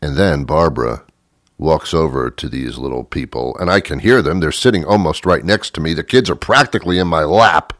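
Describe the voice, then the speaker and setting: A man's voice: extremely low pitch, expressive, fairly quick, fairly bright tone, dry recording, clean studio sound. Indignant man ranting theatrically. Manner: theatrical, indignant, mock-pompous storytelling. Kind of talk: comic rant monologue.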